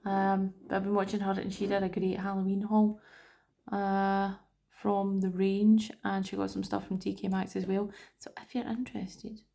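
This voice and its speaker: A woman's voice: mid-range voice, monotone, normal speed, vocal fry, mellow. A British woman vlogging about her budget in a chatty, rambling way, with self-mocking asides. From United Kingdom. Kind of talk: casual chat to camera.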